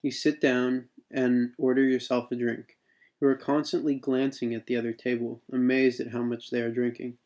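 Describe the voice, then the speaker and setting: A man's voice: medium pitch, flat delivery, normal speed, darkish tone. Man casually reading his own story. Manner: unpolished reading with spoken asides. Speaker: writer reading his own mission text.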